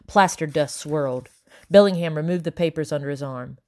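A woman reading a first-person audiobook in a steady, measured voice. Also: low voice. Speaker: audiobook narrator.

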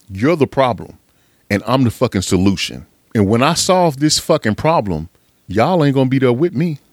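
A man's voice: lowish voice, no room sound. Profane, fired-up man preaching on a podcast. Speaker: podcast host. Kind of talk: motivational monologue.

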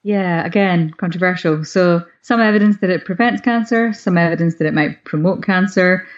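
Female expert, low-ish voice, measured explainer, dull lo-fi recording. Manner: measured, explanatory, hedging on evidence. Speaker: nutrition expert co-host. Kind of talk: casual chat. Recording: dull lo-fi sound.

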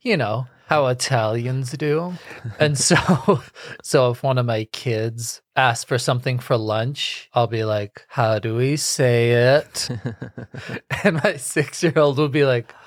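A man in his forties talks casually on a podcast, deadpanning his jokes at an easy middle pitch. The sound is close and dead dry, with no room at all. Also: takes it slowly, no echo. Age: 40s. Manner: dry, joking delivery. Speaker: podcast co-host.

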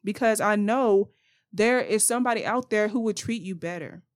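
A woman's voice: mid-range voice, moderate pace. A young woman hosting a podcast, giving blunt, passionate advice straight to her listeners in a casual monologue. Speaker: podcast host.

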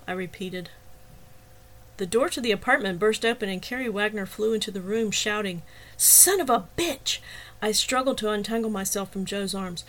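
A woman reading a novel aloud in first person as the narrator, with a steady, expressive delivery. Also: medium pitch, rough recording. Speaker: audiobook narrator.

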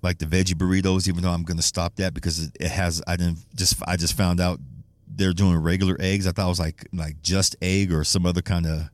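A man's voice: deep voice, little pitch movement, brisk, no echo. A man hosting a casual solo podcast, rambling and swearing, laughing often and restarting his sentences. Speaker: podcast host.

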